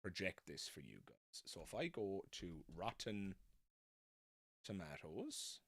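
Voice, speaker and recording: A man's voice: sits low, very animated, takes it slowly, fairly bright tone, slightly rough, no room sound, studio quality. A man hosting a live stream, chatting casually and self-deprecatingly, wandering off into tangents. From not American. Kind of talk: casual rambling live chat.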